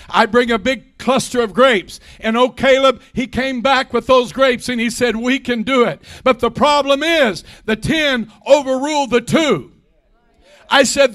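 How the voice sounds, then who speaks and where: Older guy preaching in church, really high voice, shouts and hallelujahs all over. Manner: fervent, shouting, call-and-response. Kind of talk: pentecostal sermon. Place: church sanctuary.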